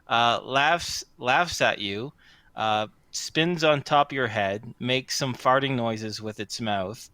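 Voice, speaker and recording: A man narrating as game master of a tabletop game, unhurried, with stumbling restarts. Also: medium pitch, sharp tone, clean tone, no room sound.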